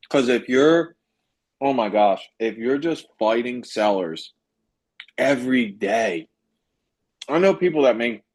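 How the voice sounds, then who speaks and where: A man with a slightly low voice leads a group coaching call over video. He talks emphatically and keeps hammering his points with lively repetition. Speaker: business coach.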